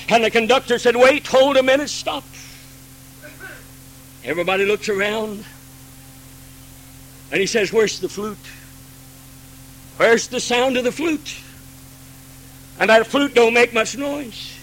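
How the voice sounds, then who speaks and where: A man preaching a Pentecostal sermon, swinging from hushed pleading to ringing cries and acting out God's pleading voice. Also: sits high, a little hiss or hum, low-quality recording.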